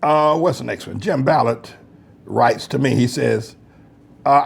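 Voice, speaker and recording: A male pastor giving mocking commentary on comments he reads aloud, laughing often and swinging between loud highs and low mutters. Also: measured pace, gravelly, a little hiss or hum. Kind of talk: preacher's commentary reading online comments.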